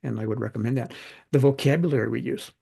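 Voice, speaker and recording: A middle-aged man, a podcast guest and author, talking in a relaxed, conversational way and acting out the voices in his anecdotes. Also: mid-range voice, fast, vocal fry, slightly rough. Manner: animated anecdotes, acts out quoted dialogue. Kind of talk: conversational storytelling.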